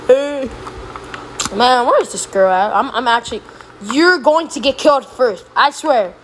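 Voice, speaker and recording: A woman streaming a game live, chatting casually and breaking into excited yelps when she is chased. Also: high voice, a little slow, a little hiss or hum, poor audio. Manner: casual, says "bro" a lot. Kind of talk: live gameplay commentary.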